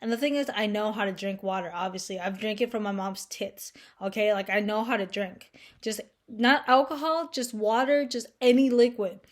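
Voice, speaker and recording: A woman's voice: medium pitch, normal speed. A young woman vlogging to camera in a casual, rambling monologue, playful and crude, full of fillers.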